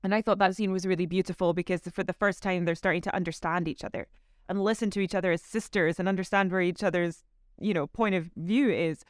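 A woman's voice: fairly low pitch, fairly even intonation, quick pace, no echo, clean studio sound. A woman actor being interviewed, chatting casually with easy laughs and lots of fillers. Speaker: actor guest.

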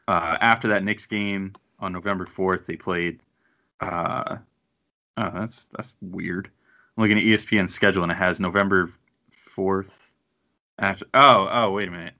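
A man with a fairly low, bright and forceful voice hosts a casual sports podcast. He rambles, thinks out loud and pokes fun at himself. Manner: self-deprecating, rambling, thinks aloud. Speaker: podcast host.

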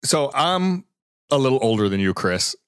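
A middle-aged man hosting a podcast in casual chat, his voice slightly hoarse from a cold. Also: mid-range voice, moderate pace, no echo, studio quality. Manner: relaxed, lots of fillers and restarts. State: hoarse, recovering lost voice. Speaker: podcast host.

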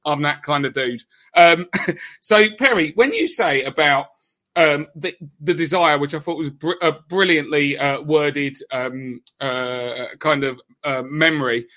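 A man's voice: on the high side, unhurried, bright, forceful tone. A man hosting a podcast from a hotel room on a laptop microphone, enthusiastic and rambling through his questions with many fillers. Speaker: podcast host. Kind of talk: casual podcast chat.

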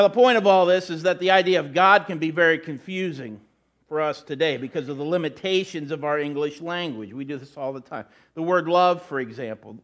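A man's voice: fairly high pitch, fairly bright tone. A middle-aged man preaching a sermon in a conversational way, often restarting and adding asides. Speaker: pastor.

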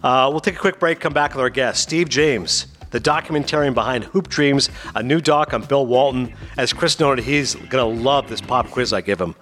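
A man's voice: mid-range voice, normal speed, hardly any pauses. A man hosting a podcast, telling a story in casual chat and acting out the voices of the people in it. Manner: animated, acts out voices in anecdotes. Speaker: podcast host.

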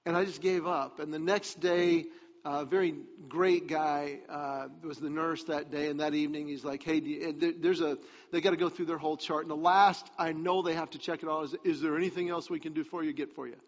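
A man's voice: on the high side, steady tone, fairly quick. A man giving a sermon as a pastor, telling a personal story in a confiding way that turns emphatic. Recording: long hall reverb, dull lo-fi sound.

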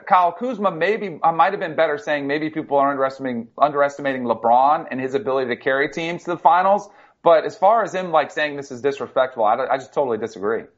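Man telling sports stories, lo-fi sound. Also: a little high. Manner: animated storyteller, many fillers. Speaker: co-host, former football player. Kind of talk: casual sports talk.

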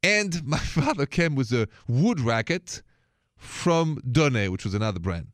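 A man's voice: mid-range voice, sing-song, measured pace, no room sound, studio quality. A middle-aged man with a thick Parisian French accent, hosting a radio advice show in a chatty, playful way and slipping in French words. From France.

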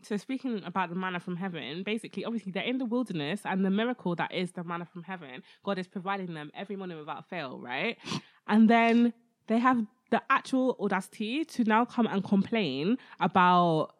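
A woman telling Bible stories with lively, jokey energy. Her pitch swings all over as she tells them. She sits at an average pitch for a woman. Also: brisk. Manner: animated, jokey storytelling. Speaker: podcast co-host. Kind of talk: casual Bible chat.

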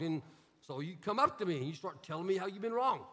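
Middle-aged male preacher, very high bright voice, sarcastic and animated, long church-hall reverb. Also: fast talker. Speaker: pastor. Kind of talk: sermon.

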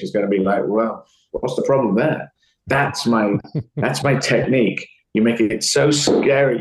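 A man in casual conversation with a slightly low voice. He rambles cheerfully and slips into acted voices for quotes. The sound is a bit roomy and echoey. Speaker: comedian guest. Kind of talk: casual interview talk.

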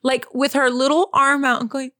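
A woman's voice: sits high, flat delivery, moderate pace, pushed and bright, no echo, studio quality. A young adult woman co-hosting a casual talk show, telling a long story in a chatty way, full of "like" and asides to listeners. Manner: chatty storyteller, lots of "like" and "you guys". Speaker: podcast co-host. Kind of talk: casual chat.

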